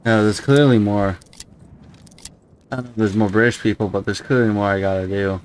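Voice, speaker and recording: Here a man with a lowish, steady-toned voice talks at a brisk clip, a little hiss or hum underneath. It's casual let's-play commentary: he muses aloud about the game he's playing, wanders off topic, and frequently yelps in surprise.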